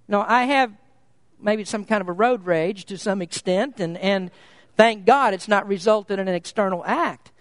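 A man's voice: high-pitched, normal speed, fairly bright tone, dry recording. A middle-aged male pastor preaching a sermon, rising to emphatic bursts with casual asides.

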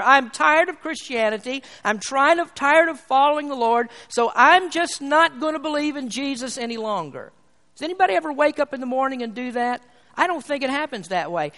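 A man preaching a sermon, emphatic and repetitive, building phrases to a rising pitch. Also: a bit bright. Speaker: pastor. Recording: long reverb of a large hall.

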